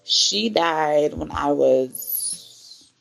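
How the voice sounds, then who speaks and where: A woman in her twenties with a low voice and a gravelly, fry-tinged edge tells a personal story for her faith vlog. She talks in a candid, emotional way, and soft music plays faintly behind her. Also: drawn-out words. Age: 20s. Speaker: vlogger.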